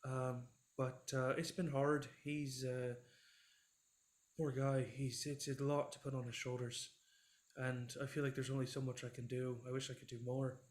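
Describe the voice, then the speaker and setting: A man voicing an awkward, remorseful man in a tabletop role-play, who talks haltingly and apologetically. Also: mid-range voice, flat delivery, lightly acted. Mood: earnest.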